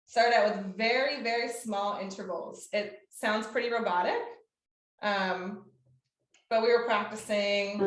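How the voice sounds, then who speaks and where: A woman's voice: fairly high pitch, normal speed, fairly bright tone. A young woman music therapist presenting to a support group, explaining with frequent ums and short sung demonstrations. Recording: echoey room.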